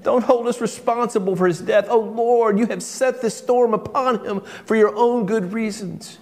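A man's voice: moderate pace, darkish tone. A man voicing desperate sailors crying out and pleading to God in a raised, frantic voice. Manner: high-pitched frantic pleading. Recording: long hall reverb.

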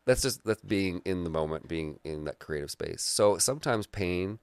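Brief: male podcast guest, very low with a gravelly edge, thoughtful and searching for words. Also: expressive, moderate pace, dry recording. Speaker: guest artist. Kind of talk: casual podcast conversation.

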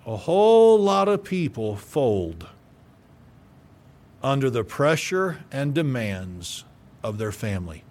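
A pastor preaching a radio sermon, forceful and emphatic, stumbling over repeated words as he builds up. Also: mid-range voice, very animated, takes it slowly, long pauses.

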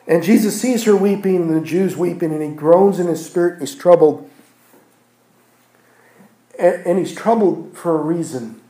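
A pastor preaches a sermon in church, building phrases through repetition and restarts and swinging from loud, emphatic peaks to near-hushed passages. His voice is high, his pace moderate, and he pauses often. The room is echoey.

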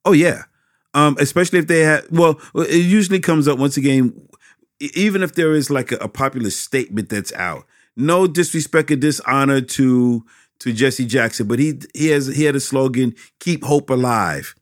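Animated man, a pastor, in a dry room. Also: medium pitch, normal speed, no echo. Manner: animated, preacherly emphasis with repetitions. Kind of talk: interview answers about teaching children.

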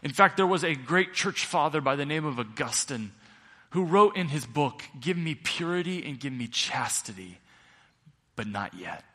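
A middle-aged male pastor preaching a sermon, building to loud peaks and then dropping quiet. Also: fairly high pitch, lively intonation, normal speed. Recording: long reverb of a large hall.

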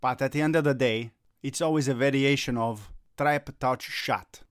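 A man's voice: medium pitch, moderate pace, no echo, clean studio sound. A middle-aged man playing a youth soccer coach in a comedy sketch, given to gloomy melodramatic rants that flare into agitated Italian curses.

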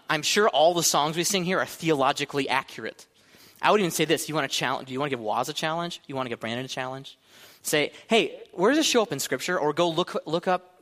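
A man's voice: fairly high pitch, fairly bright tone. A man in his thirties, a pastor giving a casual, joking sermon to college students and acting out his own thoughts. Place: church hall. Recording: long hall reverb.

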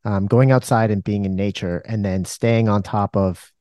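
A man hosting an interview, putting a measured question to his guest with small fillers. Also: lowish voice, fairly even intonation, warm tone, no echo, studio quality. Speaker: podcast host.

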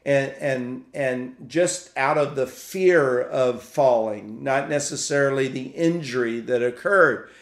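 A man preaching a sermon for a podcast in a reflective, halting way, often repeating words as he searches for the next thought. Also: medium pitch, echoey room. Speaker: pastor.

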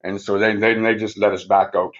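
A fairly low-pitched man speaks briskly and flatly on a muffled recording. He's a podcast guest telling casual, rambling stories, full of swearing and sentences that end in "right?".

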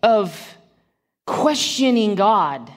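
Slow, unhurried woman preaching a sermon. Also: medium pitch, big pitch swings. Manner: conversational, asks the congregation direct questions. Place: church room with a congregation.

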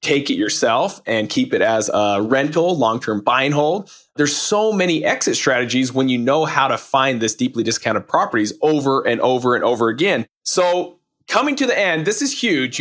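A man's voice: mid-range voice, very animated, moderate pace, a bit bright. A man hosting a podcast, upbeat and salesy, cheering on his guest and driving the interview. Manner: hyped, salesy, playful. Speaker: podcast host.

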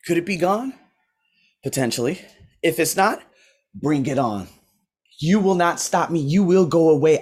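A man hosting his coaching podcast in a motivational preaching mode, swinging between loud declarations and low asides, recorded on a laptop at home while he paces. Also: husky. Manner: swearing, talking to himself by name. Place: indoors at home, pacing with a laptop. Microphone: laptop mic.

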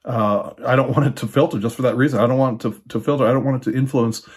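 An older man giving an unscripted Bible teaching talk in a relaxed way, often repeating words and adding fillers as he thinks aloud. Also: medium pitch, quick pace, breathy edge. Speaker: teacher of a church ministry.

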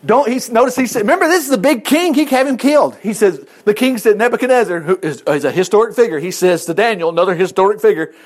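Animated high-voiced male preacher. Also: quick pace, hardly any pauses. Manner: casual, animated, conversational Bible teaching with asides. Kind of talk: sermon.

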